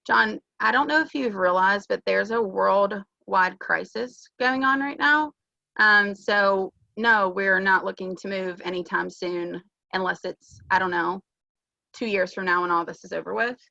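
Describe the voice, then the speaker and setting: A woman's voice: medium pitch, a little slow, vocal fry, bright, forceful tone, dry recording, highs cut off. A woman on a video call, playing a reluctant home buyer in a sales practice role-play, dry and sarcastic. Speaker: real estate agent in training, playing a buyer.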